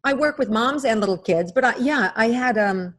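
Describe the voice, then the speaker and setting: Gentle coaching woman psychic guest. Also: on the high side, lively intonation, moderate pace. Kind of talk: podcast interview.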